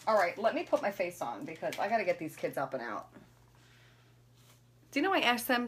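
Bright, chatty woman vlogger. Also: fairly low pitch, very animated, fairly quick, pauses often, a little hiss or hum. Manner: chatty, rambling, laughs at herself. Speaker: beauty vlogger. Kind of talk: casual chat during a makeup routine.

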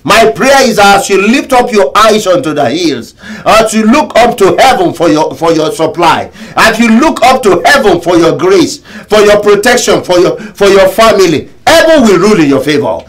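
A man preaching a sermon as pastor, emphatic and repetitive, with sudden shouts. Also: high voice, big pitch swings, moderate pace, hardly any pauses, poor audio. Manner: emphatic preaching, repeats phrases and bursts into shouts.

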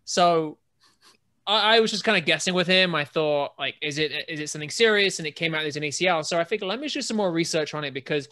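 An English man co-hosts a podcast, his voice slightly high, quick, pushed and bright. He tells stories in a chatty, rambling way, often starting over, in casual conversation.

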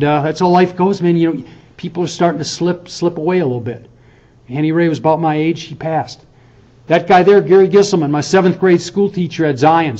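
Casting: professor in his fifties, slightly high voice, earnest lecture-hall talk, muffled lo-fi recording. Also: a little mellow. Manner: conversational, earnest, frequent "okay?" check-ins. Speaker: university professor. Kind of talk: farewell lecture to students.

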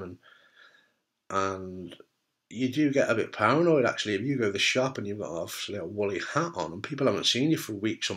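A man's voice: lowish voice, a bit bright. A man and cancer survivor, talking casually and bluntly to camera, frank and jokey with the odd swear word. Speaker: testicular cancer survivor giving advice.

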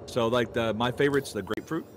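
A man's voice: medium pitch, quick pace, background noise. A man with a Texan drawl chatting casually over voice chat, rambling and restarting his sentences. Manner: animated, rambling, frequent stammered restarts. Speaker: gaming guest.

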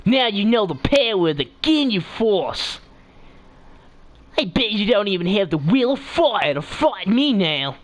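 A man's voice: high voice, very animated, a little slow. A young man voicing a boastful male alien elite squad leader, pompous and theatrical, in a game lobby. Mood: gloating.

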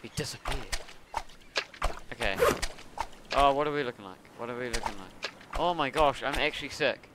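A man giving casual commentary as he plays a game, excitable and talking to himself, with sudden yelps and laughs. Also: mid-range voice, moderate pace, pauses often, very noisy. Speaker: gaming video creator.

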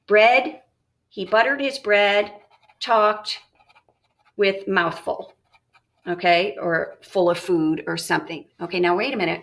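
A middle-aged woman teaching a reading lesson in an upbeat way, often pausing to ask "okay?" and "all right?". Her voice is bright and forward, and her pitch sits in the middle of the usual range for women. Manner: upbeat, checks in with frequent "okay?". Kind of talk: classroom lesson with read-aloud.

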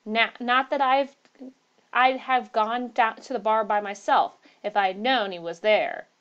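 A woman's voice: fairly high pitch, steady tone, a little slow, fairly bright tone, clear, resonant tone, lo-fi sound. Woman reading as a flustered young waiter. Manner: flustered, sheepish. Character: nervous young male inn waiter.

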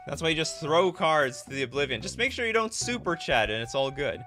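A man's voice: on the high side, fairly quick, faint music behind. A man from Canada hosting a casual live stream, chatting in a jokey way and thinking aloud as he reads viewer messages. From Canada (Winnipeg). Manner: animated, jokey, thinks aloud while reading chat. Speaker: livestream host.

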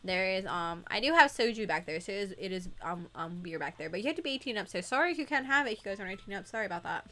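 A woman's voice: mid-range voice, animated, rapid-fire, few pauses, sharp tone. A young woman co-hosting a gaming livestream, chatting casually and giggling as she greets viewers by name. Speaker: livestream co-host. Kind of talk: casual gaming stream chat.

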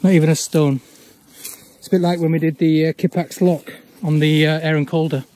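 A man, chatting casually as he walks an overgrown old railway path outdoors, often pausing on "uh". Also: fairly high pitch, fairly even intonation, a little mellow. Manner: chatty, with frequent "uh" pauses. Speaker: urban exploring vlogger. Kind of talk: casual walk-and-talk commentary.

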